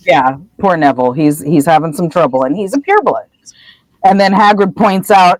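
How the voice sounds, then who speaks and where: A podcast co-host casually retelling a book chapter, acting out the characters' lines with lively energy. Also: mid-range voice, a little fast, no room sound, poor audio. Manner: animated storyteller acting out quotes.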